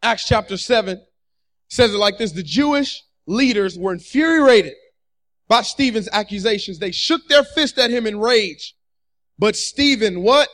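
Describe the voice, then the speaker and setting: A man with a strikingly high voice delivers a fervent sermon. He works the congregation with call-and-response, repeating his key lines and pushing the crowd to answer back. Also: a little slow. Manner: energetic call-and-response preaching, repeating phrases. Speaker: preacher.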